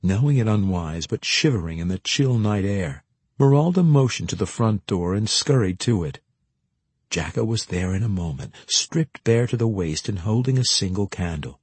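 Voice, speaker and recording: Husky-voiced male storybook narrator. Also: fairly low pitch, moderate pace, no room sound. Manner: expressive storytelling reading. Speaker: audiobook narrator. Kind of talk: scripted narration.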